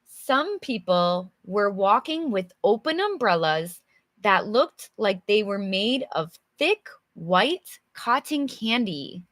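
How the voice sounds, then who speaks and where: A young woman from an English-speaking country gives a live English reading lesson, reading a storybook aloud, chatting with viewers, and laughing often. Her medium-pitched voice is slow and fairly bright with big pitch swings, recorded in clean studio sound with no room sound.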